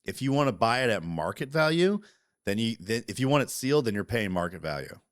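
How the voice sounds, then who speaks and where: A man chatting casually as a podcast co-host, animated and profane, talking over interruptions. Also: medium pitch, a little fast, no room sound, clean studio sound. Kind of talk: casual chat.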